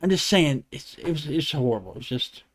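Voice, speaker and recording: A man co-hosts a casual podcast debate, his voice sitting a little high. He rants with lots of swearing and laughter, rambling from point to point. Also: fairly quick. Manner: animated, profane, rambling with laughs. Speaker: podcast co-host.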